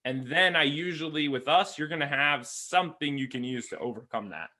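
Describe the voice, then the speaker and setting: A man's voice: a little high, a little fast, sharp tone. A man coaching real estate agents in a conversational way, acting out little dialogues with clients. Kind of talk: sales coaching talk.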